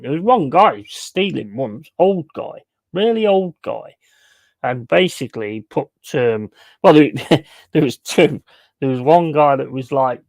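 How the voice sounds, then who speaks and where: Gravelly, sweary man. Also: mid-range voice, darkish tone, no room sound. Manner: blunt, crude and laughing. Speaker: streamer. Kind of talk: casual sweary storytelling while gaming.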